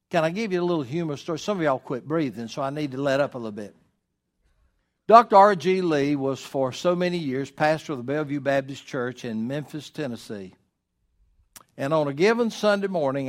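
Brief: pastor, slightly high-pitched man, preaching hard and slowing words for stress. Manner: emphatic, with rhetorical questions and slowed stresses. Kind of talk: sermon.

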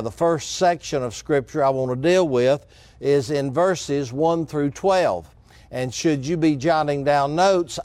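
Earnest preacher, dry close sound. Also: male voice, fairly high pitch, a little mellow, dry recording. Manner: measured, earnest preaching with asides to the congregation. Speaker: pastor. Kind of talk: sermon.

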